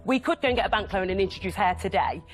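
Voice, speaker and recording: Young female entrepreneur, earnest and jittery, mid-pitch. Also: soft background music. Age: young adult. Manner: earnest, nervous, rushing answers. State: tearful.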